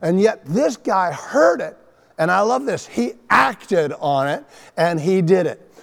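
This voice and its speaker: A man preaching a sermon as pastor, emphatic and animated, often repeating his phrases for weight. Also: high voice, slow, vocal fry. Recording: long reverb of a large hall.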